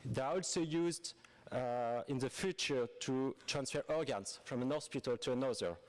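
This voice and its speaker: A man's voice: mid-range voice, moderate pace. A man with a French accent, reading a prepared speech as a conference presenter, earnest and forthright with some hesitant fillers.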